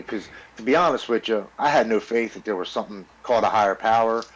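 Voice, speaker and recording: A man's voice: fairly low pitch, fast, highs cut off. A man in his forties telling his own recovery story as a podcast guest, earnest and blunt, stumbling over repeated words. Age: 40s. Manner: earnest, stammering repeats while recounting; blunt, with casual swearing.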